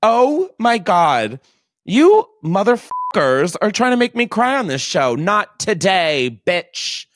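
A man's voice: high voice, wildly swooping pitch, a little slow, slight background noise. A man hosting a casual podcast from his basement, emotional, giggly and casually swearing. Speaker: podcast host.

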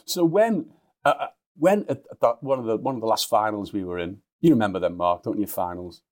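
A man's voice: on the low side, a little fast, a little mellow. A man, a guest journalist in a casual chat, chuckling and often restarting his sentences.

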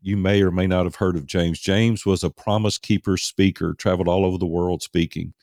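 Low-voiced man telling a personal story. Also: fairly even intonation, fairly quick, a little mellow, no echo, studio quality. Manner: earnest, conversational, repeats words for emphasis. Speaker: podcast guest.

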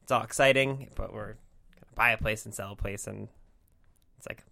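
A man's voice: on the low side, fairly even intonation, normal speed, creaky, sharp tone. A man hosting a podcast in casual chat, rambling and self-deprecating, laughing often. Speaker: podcast host.

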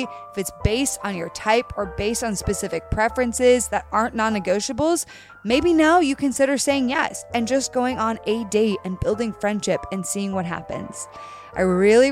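An upbeat woman in her thirties hosts a casual dating podcast, speaking directly to her listeners and laughing often. Her voice is medium in pitch.

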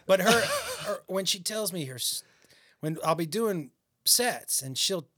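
A middle-aged man with a high, bright voice that swings all over the place as he tells profane gym stories and laughs through them. He sits in a dry, close studio sound. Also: unhurried, no echo. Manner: animated, profane storyteller who laughs often. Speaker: guest comedian. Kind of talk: casual podcast chat.

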